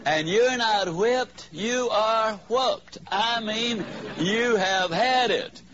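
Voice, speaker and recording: A man giving a motivational speech to a live audience, telling a story with drawn-out, emphatic punchlines. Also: high voice, a bit bright. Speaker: motivational speaker. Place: in front of an audience. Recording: slightly dull, faint background hiss.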